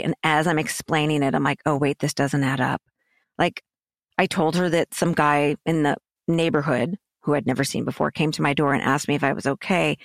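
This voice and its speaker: A woman's voice: no echo, studio quality. Emotional woman telling a frightening story. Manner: emotional, rising pitch when agitated, breaks into whispers. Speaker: podcast guest. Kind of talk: personal storytelling.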